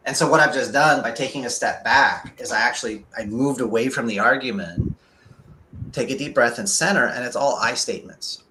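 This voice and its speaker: A man guesting on a live talk show with a bright, forward voice. He talks fast and excitedly, then pulls back and slows right down to make a point. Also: medium pitch, a little hiss or hum. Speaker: men's consultant guest.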